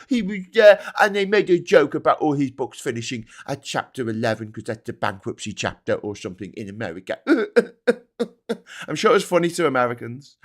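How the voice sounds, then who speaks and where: British man, slightly high voice, sarcastic rant, sweary, laughs between jabs, host. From Britain. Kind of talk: ranting commentary.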